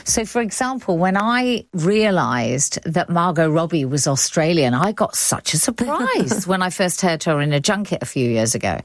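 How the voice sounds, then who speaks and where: A woman from India hosting a radio arts show, lively and conversational with quick asides. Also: on the low side, no room sound. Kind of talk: radio presenting.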